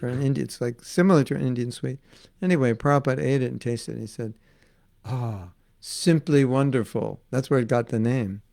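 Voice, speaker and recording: A man's voice: medium pitch, quick pace, vocal fry, darkish tone. A man giving an informal devotional class, chatty and laughing as he tells stories and acts out the voices in them. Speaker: spiritual teacher giving a class.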